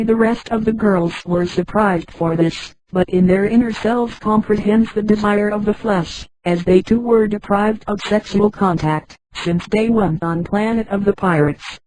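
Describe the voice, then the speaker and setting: A woman's voice: mid-range voice, dry recording, poor audio. Synthetic female voice reading a story. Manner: flat text-to-speech reading that speaks punctuation names aloud. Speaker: narrator.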